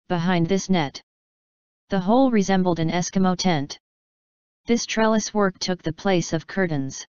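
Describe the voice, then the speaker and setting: A woman reading a classic novel aloud as an audiobook narrator, in a measured, even way. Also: on the low side, clear, resonant tone, dry recording, lo-fi sound.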